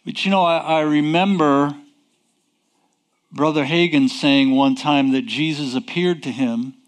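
Preaching in a fairly high-pitched voice, this man speaks with deliberate emphasis. He raises rhetorical questions and supplies his own answers throughout the sermon.

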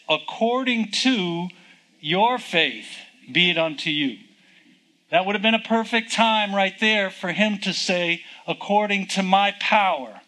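Bright-voiced, high-pitched male preacher. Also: low-quality recording. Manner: conversational Bible teaching, rhetorical questions, reading verses aloud. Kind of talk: sermon teaching.

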